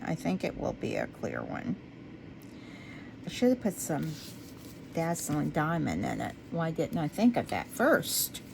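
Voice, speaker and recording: Woman, crafting vlogger, lower voice, talks to herself, goes quiet when focused, slow pace. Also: gravelly, background noise. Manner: chatty, talks to herself while working; drifts into low, quiet talk when focused. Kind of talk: casual crafting commentary.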